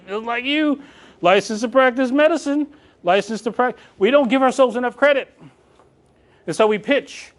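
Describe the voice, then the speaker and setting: A man leading a live real estate coaching session, joking and calling on the audience. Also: high voice. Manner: animated, joking, calls on audience.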